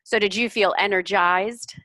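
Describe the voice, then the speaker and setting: A woman's voice: medium pitch, fairly even intonation, moderate pace, pushed and bright, dry recording. A woman giving patient, encouraging feedback as an English speaking tutor over a video call. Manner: encouraging, explains corrections patiently.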